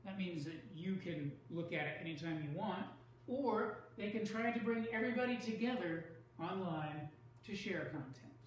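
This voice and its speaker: Measured male writing teacher, roomy sound. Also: sits high, animated, distant mic. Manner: measured, explanatory, leans on key words. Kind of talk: recorded online lecture.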